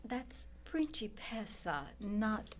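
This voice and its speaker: A woman's voice: medium pitch, takes it slowly, a little mellow, a little hiss or hum, close to an everyday voice. A woman doing satirical comedy in a pouty, childish spoiled-heiress manner.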